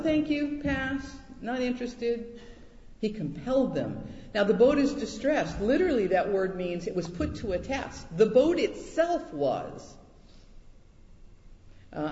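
A man preaching a sermon, telling a personal story and acting out quoted voices with lively pitch jumps. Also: slight background noise. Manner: animated, acts out quotes in high voices. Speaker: pastor. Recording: echoey hall, dull lo-fi sound.

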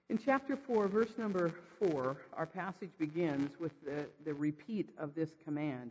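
High-voiced preaching man in an echoing church. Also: a little fast. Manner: jokey, quizzes the congregation with rhetorical questions; animated, raises his voice for emphasis. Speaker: pastor. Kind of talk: sermon. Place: church sanctuary. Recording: long reverb, dull lo-fi sound.

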